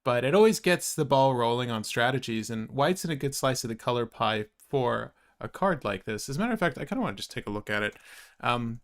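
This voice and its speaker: Young guy hosting a chill game stream, jokey, laughs a lot, kinda rambly, normal middle pitch. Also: animated, fast talker, few pauses. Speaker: host. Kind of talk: casual stream chat.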